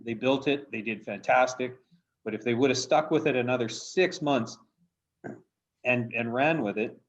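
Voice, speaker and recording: A man's voice: medium pitch, normal speed. A man talks loosely and emphatically in a group discussion, laughing between points. His voice sits mid-range, and the audio sounds slightly dull. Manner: rambling, chuckling, emphatic. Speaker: co-host. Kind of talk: casual panel chat.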